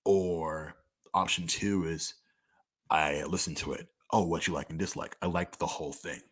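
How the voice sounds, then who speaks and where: This young podcaster has a bass voice, fairly bright and slightly rough, with a steady tone at normal speed. In a casual monologue he tackles a list of personal listener questions, talking candidly, profanely, and loosely, with "like" everywhere.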